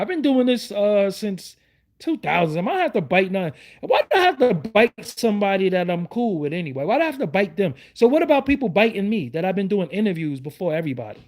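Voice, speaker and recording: A middle-aged man hosting his own YouTube show rants to viewers in a livestream, hurling heated rhetorical questions over and over. His voice is high-pitched, sing-song, and fairly quick.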